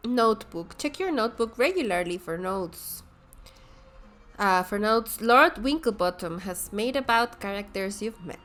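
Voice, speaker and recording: Giggly woman streamer, slow talker. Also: mid-range voice. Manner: giggly, excitable, chatty. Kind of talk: game first-impressions commentary. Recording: commentary over game music.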